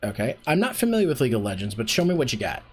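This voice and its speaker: A man's voice: medium pitch, very animated, rapid-fire, husky. A man hosting a casual voice acting workshop on a stream, talking in a rambling way with lots of fillers and restarts. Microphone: desk streaming mic.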